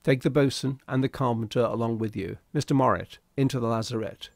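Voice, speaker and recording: A man voicing a calm, commanding ship's captain who gives quiet, measured orders in a slow, gravelly voice. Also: mid-range voice, dry recording, studio quality, natural voice. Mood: urgent, hushed.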